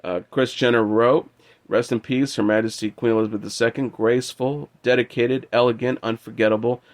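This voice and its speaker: A man hosting an entertainment news show, reading out tributes in a steady, measured way. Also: mid-range voice. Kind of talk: reading news and quotes aloud.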